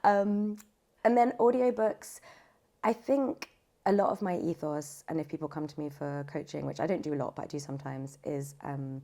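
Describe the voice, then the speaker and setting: A British woman voiceover artist talking in a podcast interview, chatty and animated with lots of fillers. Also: low voice, moderate pace. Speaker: voiceover artist and audiobook narrator.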